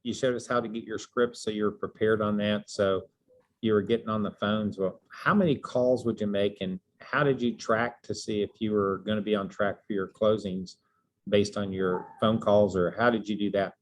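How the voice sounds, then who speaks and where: Man, moderator, lowish voice, direct questions, conversational. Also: steady tone, moderate pace. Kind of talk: hosting a team Q&A.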